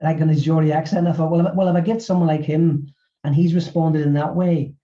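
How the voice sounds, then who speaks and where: A middle-aged man speaks quickly in a webinar interview, stumbling over repeated words as he goes. His voice is deep and mellow, and it comes through a muffled, lo-fi recording. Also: fairly even intonation. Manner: halting, with many repeated words. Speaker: author and former physiotherapist.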